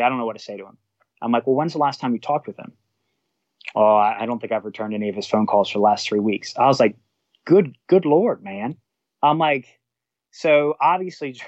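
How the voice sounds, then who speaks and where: A man's voice: mid-range voice, no echo, highs cut off. A man, a fire captain, telling a workplace story in a casual way, acting out what others said and swearing now and then. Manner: animated, acts out quotes of others, swears.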